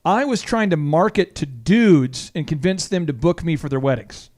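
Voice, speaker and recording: A man hosting a business talk show, telling a story in an excitable, jokey way. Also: a little high, normal speed. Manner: excitable, jokey, breaks into imitations of friends. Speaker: host. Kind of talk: animated storytelling chat.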